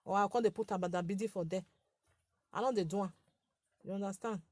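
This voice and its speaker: A Nigerian woman in her forties chats live with her page's followers in a light, girlish voice. She scolds, repeats herself and breaks into laughter, speaking at a middling pitch. The sound is close and dry. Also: fast, darkish tone, no room sound. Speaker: social media page host. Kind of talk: casual live chat with followers.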